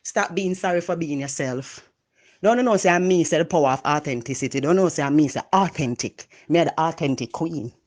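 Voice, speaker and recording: Jamaican woman, motivational speaker, loud, passionate, patois-laced talk. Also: sits low, brisk. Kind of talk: motivational monologue.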